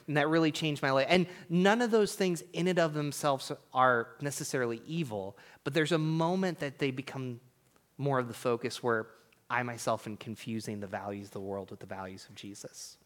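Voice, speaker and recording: A man in his thirties preaching a sermon in a church, chatting casually and swinging between loud emphasis and hushed, near-whispered lines. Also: medium pitch. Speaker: pastor. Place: church sanctuary.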